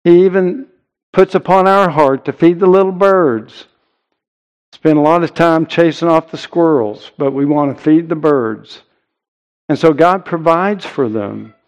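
A man preaching a sermon in an earnest, emphatic way, with deliberate pauses. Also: a little high, dull audio. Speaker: pastor.

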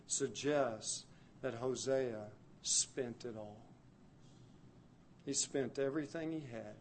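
A man preaching a sermon, telling the story dramatically and swinging from hushed, soft passages to loud, urgent ones. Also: mid-range voice, slight background noise.

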